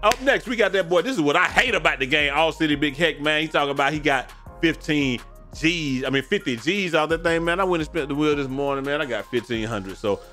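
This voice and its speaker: A man's voice: fairly high pitch, fairly quick, bright, forceful tone. Slangy tired male gaming streamer, music underneath. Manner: loose slangy talk, says "man" and "bro" often. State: yawning, tired. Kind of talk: casual commentary on viewer messages. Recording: faint music behind.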